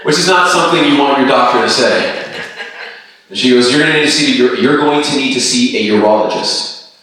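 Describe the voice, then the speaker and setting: A man in his thirties performs stand-up with a bright, forceful voice, jumping between narration and quoted characters. He sounds set back from the mic, and the room rings heavily around him. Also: mid-range voice, a little fast. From Canada. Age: 30s. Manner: animated storytelling with quoted voices. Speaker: stand-up comedian. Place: comedy venue with live audience. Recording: roomy distant stage sound.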